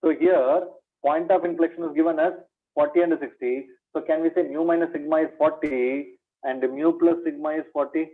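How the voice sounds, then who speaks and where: A maths teacher with a fairly high voice, steady tone, and moderate pace leads an exam revision lecture in an Indian English accent. Through tinny, phone-like online audio, he poses and answers his own questions, addressing students as "my dear".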